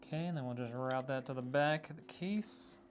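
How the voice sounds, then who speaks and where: A man's voice: medium pitch, normal speed, slight background noise. A middle-aged man live-streaming a PC build, chatting casually, thinking aloud with plenty of ums and likes while he works.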